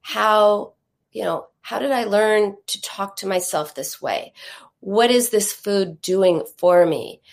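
A woman giving a live teaching talk to an audience, telling stories in an earnest way with lively asides. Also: medium pitch, slow. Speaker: teacher on emotional eating.

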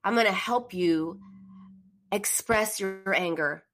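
A woman's voice: mid-range voice, slow pace, a bit bright. Middle-aged woman doing a call-in advice stream, earnest, encouraging, acts out feelings. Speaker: therapist hosting a call-in live stream. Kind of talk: casual live-stream advice talk.

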